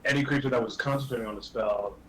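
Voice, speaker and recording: A man's voice: medium pitch, fast talker, a bit bright, slight background noise, rough recording. Man running a tabletop game. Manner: describes monsters with many fillers. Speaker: game master. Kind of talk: narrating a tabletop game on a livestream.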